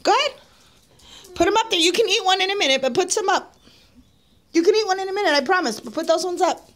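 A woman's voice: very high voice, expressive, fast talker, a bit bright. A woman filming her children at home on a handheld phone, talking in a coaxing, playful way and laughing often. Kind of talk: casual home video. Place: home living room at the Christmas tree.

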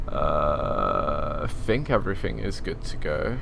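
A man's voice: rumbling low, animated, takes it slowly, vocal fry, noisy background. A young man chatting casually as he streams a driving game, easygoing and laughing at himself. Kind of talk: casual live gameplay commentary.

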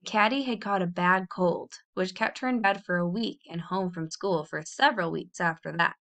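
A woman reading a children's novel aloud in a clear, expressive storytelling voice. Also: on the low side, normal speed. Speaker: audiobook reader.

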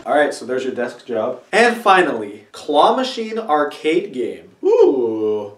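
A young man doing a silly comedic vlog with exaggerated reactions and deadpan asides. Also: mid-range voice, slow, hardly any pauses. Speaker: YouTuber. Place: room with green screen. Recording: echoey room, from a distance, faint music.

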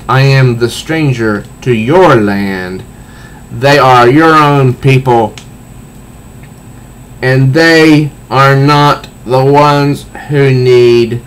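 A man's voice: mid-range voice, extremely slow, fairly bright tone, clear, resonant tone, poor audio. A man reading as a solemn warrior princess. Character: stern, noble warrior princess heroine.

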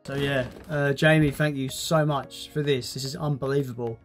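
A young man unboxing a gift, excitable and swearing often, laughing as he talks. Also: medium pitch, normal speed, faint music behind. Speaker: YouTuber. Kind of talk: casual unboxing vlog.

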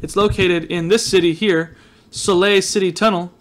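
A man's voice: sits high, fairly even intonation, normal speed. A man hosting a casual let's-play video, rambling and joking with viewers, his voice a little groggy from just waking up. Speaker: gaming video host.

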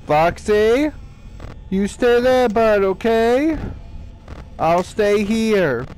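A man's voice: high voice, lively intonation, extremely slow, darkish tone, a little hiss or hum. A young man giving panicky let's-play commentary, swearing and talking to the game characters. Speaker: gaming youtuber.

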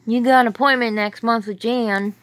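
A woman's voice: fairly high pitch, steady tone, normal speed, a bit bright, no room sound. Woman cooing playfully at her dogs. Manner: playful baby talk to dogs, chuckling. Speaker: dog owner filming her pets. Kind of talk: casual talk to pets. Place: home indoors.

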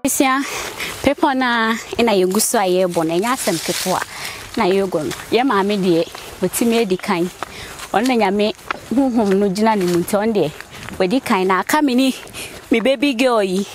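A woman from Ghana presenting and interviewing on location, explaining events to viewers in a steady, storytelling way. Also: medium pitch, normal speed. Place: outdoors on a mountain.

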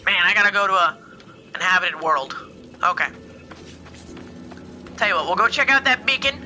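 Young male gaming host, excitable casual commentary, high, sharp-toned voice. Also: moderate pace, faint music behind. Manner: excitable, exclaiming and laughing at the game. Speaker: gameplay host.

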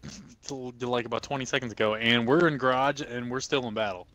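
A young man playing a game with a friend, talking calmly and teasing him in a dry way during casual banter. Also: medium pitch, brisk. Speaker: co-player.

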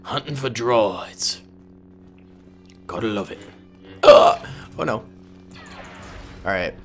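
Soft background music plays as a gaming YouTuber draws out his words in a lowish voice with lively intonation. His commentary over his own gameplay is casual and jokey, aimed at viewers he refers to as "boys."

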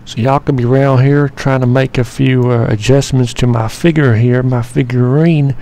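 A man's voice: mid-range voice, steady tone, normal speed, warm tone. A man narrating an editing session in a casual, joking way, full of slang and swearing, and rambling as he works. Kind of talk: casual profane screen-recording commentary.

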